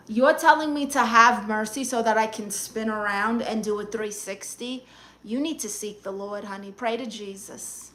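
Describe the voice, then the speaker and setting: A woman's voice: fairly high pitch, steady tone, moderate pace, fairly bright tone, slight background noise. A woman hosting a live stream, reading viewers' comments aloud and answering them in a sassy, blunt, teasing way.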